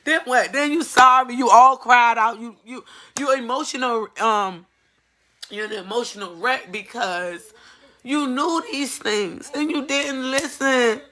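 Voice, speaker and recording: A woman's voice: on the high side, measured pace, sharp tone. A woman giving an emotional personal testimony as a mother, earnest and pleading, repeating phrases for emphasis.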